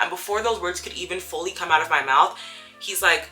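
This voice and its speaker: A young woman recounting a confrontation at work in a vlog, telling it with animated storytelling and acting out the quotes. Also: on the low side, fairly quick. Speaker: vlogger. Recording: soft music underneath.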